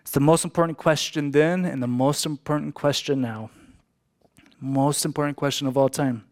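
A man's voice: on the high side, fairly even intonation, moderate pace, darkish tone. A man preaching a sermon as a pastor, emphatic, repeating key lines for emphasis.

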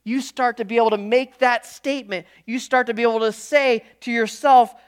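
A male pastor delivering a sermon in a conversational style, full of quick restarts and jokey asides to his congregation. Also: extremely high pitch, smooth. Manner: lively conversational preaching with frequent restarts.

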